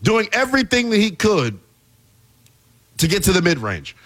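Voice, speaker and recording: On his basketball talk show, the host delivers a heavily emphasized commentary rant, sounding animated and exasperated. He speaks at a moderate pace in a high register, recorded through a studio earpiece microphone.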